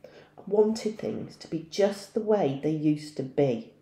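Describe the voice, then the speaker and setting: Teacher lady reading a novel aloud, low mellow voice, echoey room with faint hum. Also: lively intonation, slow pace.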